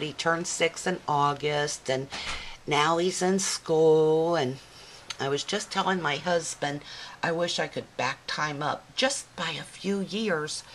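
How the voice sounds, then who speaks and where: An older woman hosting a scrapbooking video, chatting warmly and sentimentally about her layouts and her grandson at home. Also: on the low side, slight background noise. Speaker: scrapbooking channel host. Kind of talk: casual craft video chat.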